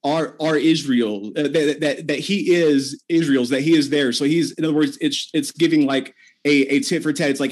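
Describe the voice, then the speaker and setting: A man debating scripture who talks haltingly, full of fillers and restarts. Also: mid-range voice. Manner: halting, many fillers and repeated words. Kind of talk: heated online debate.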